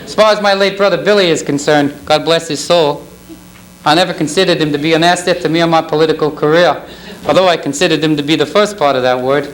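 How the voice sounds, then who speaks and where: A man's voice: a little high, fairly even intonation, fast talker, close to an everyday voice. A man impersonating a folksy, self-deprecating older Southern ex-president at a banquet. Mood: wry. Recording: banquet hall with crowd laughter.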